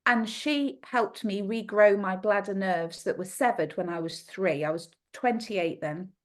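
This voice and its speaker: A middle-aged woman with an Australian accent, a guest on a podcast, telling a personal story in an animated way. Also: medium pitch, unhurried. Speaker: guest naturopath.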